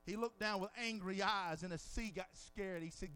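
High bright-voiced preacher with shouting peaks. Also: male voice, normal speed. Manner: swings from near-whispers to shouted peaks; dramatizes scenes with quoted dialogue. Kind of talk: sermon.

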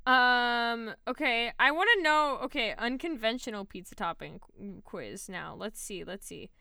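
A woman's voice: on the high side, measured pace, creaky, bright, forceful tone, clean tone, no echo, clean studio sound. A young woman co-hosting a podcast in casual, playful chat, laughing and repeating words. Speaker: podcast co-host.

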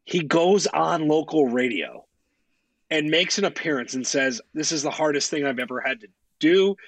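Lively, blunt-talking man podcast host. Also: on the high side, no room sound. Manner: blunt, swears freely, opinionated. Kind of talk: casual sports chat.

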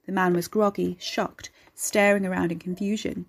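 Low, husky woman narrating a story. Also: fairly even intonation, moderate pace, few pauses.

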